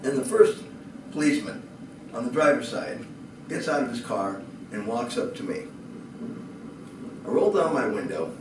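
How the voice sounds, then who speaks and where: Brief: expressive man spinning a funny anecdote, far from the mic in a roomy space with faint background. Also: medium pitch, moderate pace, long pauses, noisy background. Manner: lively, building to excited shouting and laughter. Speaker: speaker. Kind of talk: animated storytelling. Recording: echoey room from a distant mic.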